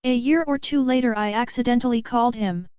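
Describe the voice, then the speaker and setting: A woman reading online stories aloud as the show's narrator, in an even, steady read-aloud delivery. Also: a little high, brisk, smooth, dry recording, lo-fi sound. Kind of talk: scripted story narration.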